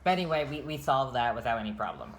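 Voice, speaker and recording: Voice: medium pitch, big pitch swings, fast talker, slight background noise. A vlogger telling a long personal story in casual storytime chat, rambling, swearing and restarting sentences often.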